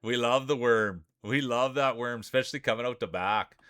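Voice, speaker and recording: A man's voice: medium pitch, normal speed, fairly bright tone, dry recording, studio quality. Joking hype-man marble race streamer. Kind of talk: live marble race commentary.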